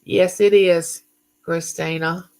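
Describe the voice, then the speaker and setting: A woman's voice: lowish voice, fairly even intonation, slow, a little mellow. A middle-aged woman hosting a live chat, greeting viewers and reading their comments aloud. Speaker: livestream host.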